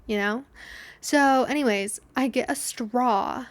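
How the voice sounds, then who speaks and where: A woman's voice: on the high side, slow pace. A young woman hosting a podcast, telling a story in a chatty, self-deprecating way and acting out the lines of the people in it. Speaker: podcast host. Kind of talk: casual solo storytelling.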